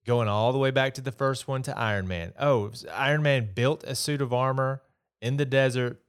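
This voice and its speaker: A man's voice: mid-range voice, fairly even intonation, normal speed, clear, resonant tone. A man hosting a podcast, giving a casual, opinionated solo movie review in a chatty, exasperated way. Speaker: podcast host.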